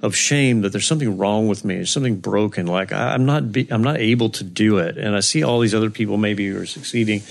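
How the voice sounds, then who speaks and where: A man with a gravelly, creaky voice talks in an earnest, preacherly way. He co-hosts a casual faith-based podcast and often quotes scripture. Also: lowish voice, fast, hardly any pauses. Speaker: co-host of a recovery podcast.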